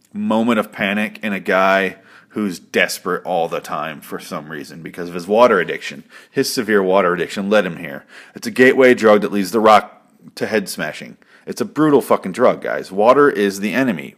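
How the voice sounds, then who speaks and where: A man's voice: fairly low pitch, fairly bright tone. A man hosting his own show, rambling through a casual recap with swearing and jokes. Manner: rambling, profane and jokey. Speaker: podcast host.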